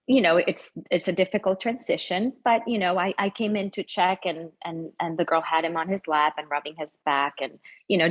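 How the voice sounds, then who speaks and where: Woman school head, lowish voice, halting and concerned, video call. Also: poor audio. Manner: hesitant, many restarts, concerned. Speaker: head of school asking a question. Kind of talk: describing a problem to a consultant.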